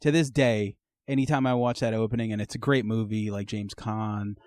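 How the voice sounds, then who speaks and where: Low-voiced man hosting a casual podcast. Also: normal speed, no room sound. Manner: animated storyteller, swears freely, laughs mid-sentence. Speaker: podcast host. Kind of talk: casual phone conversation. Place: at home. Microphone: phone call.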